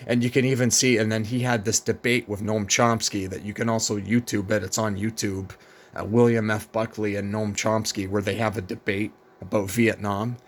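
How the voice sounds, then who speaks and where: A man's voice: on the low side, flat delivery, normal speed. A man vlogging in a rambling, casual monologue, weary and profane, with many fillers and restarts.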